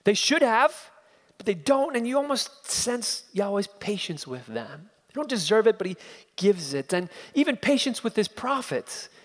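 A man delivers an expository sermon in a notably high voice, pressing his points with emphatic repetition. His words ring out with a long reverb, as if from a church sanctuary. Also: sing-song, moderate pace, fairly bright tone. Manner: emphatic, building repeated phrases. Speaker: preacher.

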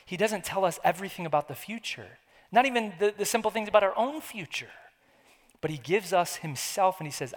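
A man preaching a sermon, his voice sitting high for a man. He talks earnestly and conversationally, circling back to repeat phrases for weight. The sound carries a long hall reverb. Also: animated, brisk. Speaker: pastor.

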